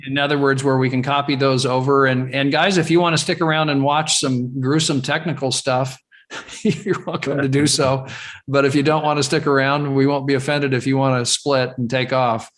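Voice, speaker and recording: A man's voice: mid-range voice, level tone, moderate pace. A man from California hosting a live webinar over a video call, rambling casually with many fillers and restarts. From California, USA. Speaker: webinar host.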